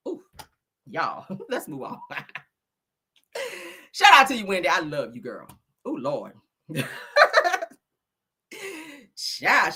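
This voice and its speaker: A woman speaks as she hosts a loose, laughing gossip commentary show, swearing freely and acting out what people said. Her voice is bright and swings widely in pitch, jumping up when she gets excited. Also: slightly rough. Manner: laughing often, profane, acts out voices and quotes.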